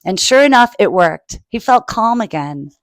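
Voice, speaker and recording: A woman's voice: mid-range voice, expressive, no echo. A woman reading a picture book aloud to children and adding her own asides. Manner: slow, adds asides for children.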